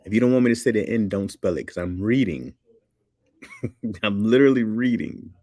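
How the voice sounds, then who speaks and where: A man's voice: lowish voice, moderate pace, warm tone, no room sound, studio quality. A man hosting a livestream, joking loosely, laughing often and reading chat comments aloud.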